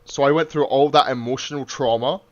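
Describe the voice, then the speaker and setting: A podcast host chats casually in a mid-range, steady, brisk voice, swearing freely and acting out quotes. The audio is muffled, lo-fi podcast sound.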